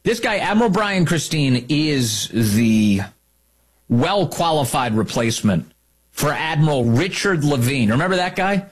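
A man's voice: a little high, animated, unhurried, husky. A man hosting a talk show, delivering an emphatic, opinionated monologue and repeating key lines for effect.

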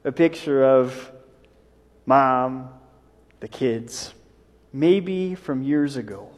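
A man's voice: mid-range voice, expressive, very slow. A man, a pastor, preaching a conversational sermon with small jokes and asides. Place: church. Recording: long reverb of a church hall.

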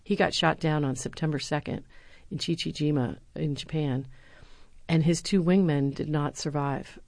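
Middle-aged woman, deep-pitched, earnest former speechwriter in an interview. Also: normal speed, vocal fry, no room sound. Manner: earnest, animated when quoting others. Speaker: university lecturer. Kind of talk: interview answers, storytelling.

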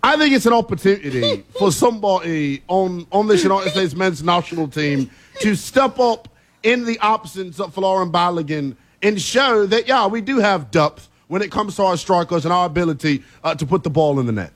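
A man hosting a sports talk radio show, emphatic and quick to laugh as he argues his takes. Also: sits high. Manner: animated, emphatic, laughs easily.

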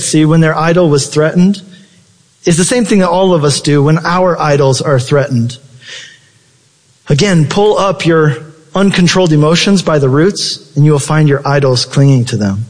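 A man's voice: normal speed, darkish tone, long reverb tail. A man preaching a sermon with passion, his voice leaping up for emphasis. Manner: impassioned preaching with sudden high-pitched emphasis. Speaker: pastor.

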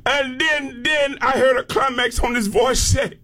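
High-voiced, fervent male preacher. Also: steady tone. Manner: fervent, bursts into shouted exclamations; repeats phrases with emphatic drawn-out calls. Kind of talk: sermon.

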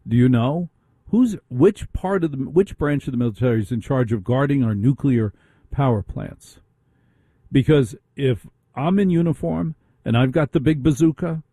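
Middle-aged radio host guy ranting, husky mellow voice, dry close mic. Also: mid-range voice, no room sound. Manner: indignant, rhetorical questions. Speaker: radio talk show host. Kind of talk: opinionated talk radio monologue.

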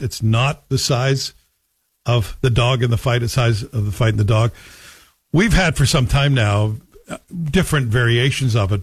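A man's voice: mid-range voice, breathy edge, no room sound. A man hosting a radio talk show, delivering a combative, sarcastic opinion monologue from a studio. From Canada. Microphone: studio microphone.

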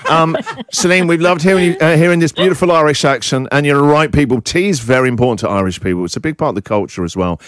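A man's voice: on the high side, fast talker. A man hosting a radio show, chatting with a caller and teasing her with playful questions. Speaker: radio host. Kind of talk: casual chat on radio.

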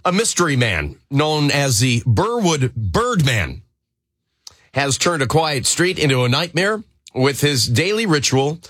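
A radio man rolls through odd news items in a casual, chatty way. His pitch sits a bit high for a man and swings widely. The studio sound is dry and close. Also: unhurried, dry recording. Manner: reads odd news stories with lively asides. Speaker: radio news segment co-host. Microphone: studio microphone.

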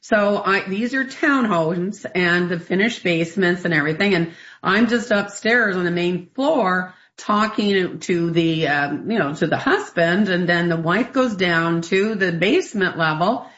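A woman's voice: lowish voice, measured pace. Radio co-host, woman, rambling anecdotal delivery, dull broadcast sound. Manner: rambling, animated, laughs often. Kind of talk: casual storytelling on radio.

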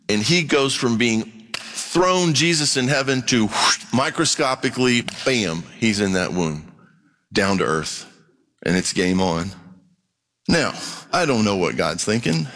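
Man, middle-aged, preaching, animated, dramatic, mid-pitched. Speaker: pastor. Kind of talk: sermon.

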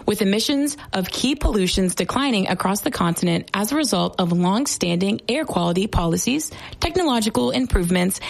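A woman's voice: medium pitch, vocal fry, no room sound, rough recording. A young woman hosting a radio show, upbeat and chatty, with lots of "like" and "um". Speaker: radio host. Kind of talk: casual radio chat.

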